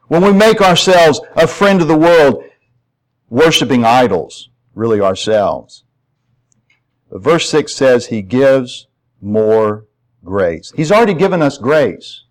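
A middle-aged man preaching a sermon as pastor, climbing to emphatic, ringing peaks and then dropping to quiet, intimate asides. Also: mid-range voice, lively intonation, slow pace, low-quality recording.

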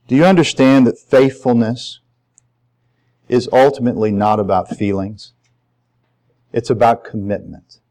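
A middle-aged man preaching a sermon as pastor, climbing to emphatic, ringing peaks and then dropping to quiet, intimate asides. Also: medium pitch, fairly even intonation, unhurried, long pauses, poor audio.

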